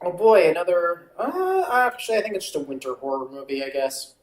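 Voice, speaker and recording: A watchalong streamer calling the game play by play, stretching out calls and drifting into casual asides, on a mic that peaks on loud moments. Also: mid-range voice, very animated, fairly quick, reverberant, low-quality recording. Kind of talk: amateur play-by-play commentary.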